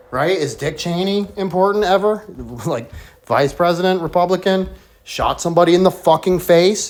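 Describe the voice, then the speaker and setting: A man hosting a sports predictions show, rambling through conspiratorial theories in a profane, sarcastic, excitable way. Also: fairly high pitch. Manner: profane, sarcastic, excitable, talks about himself as Coach.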